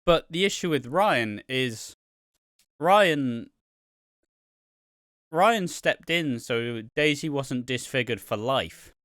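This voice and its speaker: Another casual soap review chat has a podcast host rambling with many "um"s and "like"s and a bit of swearing. His medium-pitched, slightly bright voice is animated but slow, with frequent pauses, and the clean studio sound has no echo.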